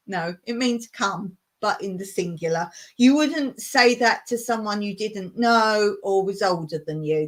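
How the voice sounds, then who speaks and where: A woman hosting a casual home livestream, chatting and patiently explaining things while repeating words. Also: fairly high pitch. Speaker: livestream host. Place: home in rural Cyprus.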